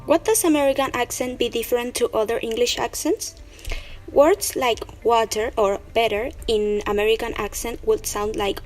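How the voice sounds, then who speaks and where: A woman's voice: a little high, moderate pace, faint music behind, poor audio. A woman presenter reading a prepared explanation carefully from a script. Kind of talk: read-aloud presentation.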